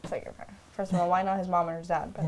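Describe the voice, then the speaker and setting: A woman co-hosting a podcast in casual chat, playful and quick to act out characters, with lots of "like". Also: on the low side, little pitch movement, a little hiss or hum. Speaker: podcast co-host.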